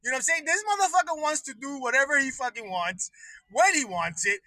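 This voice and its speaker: A man's voice: very high-pitched, brisk, no room sound, poor audio. A man hosting his own livestream, ranting with heavy swearing and frequent laughter. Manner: swearing, laughing between lines, excitable. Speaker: livestream host. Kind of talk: profane political rant.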